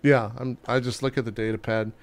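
A man's voice: medium pitch, little pitch movement, brisk. A man playing in a tabletop game, brash and playful, swearing freely. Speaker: player. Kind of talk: tabletop role-play, casual.

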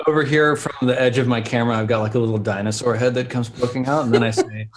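A man's voice: mid-range voice, steady tone, quick pace. A man taking part as a player in a tabletop game, chatting casually. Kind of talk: casual chat.

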